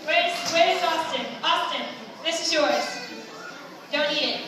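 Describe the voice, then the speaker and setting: A very high-voiced woman tells a playful story and stops to direct her volunteers. Her voice rings through a large hall and is caught from far off. There is a noisy room behind her. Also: takes it slowly. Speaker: skit leader. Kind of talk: narrating an audience-participation skit. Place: large hall with a stage and aisles.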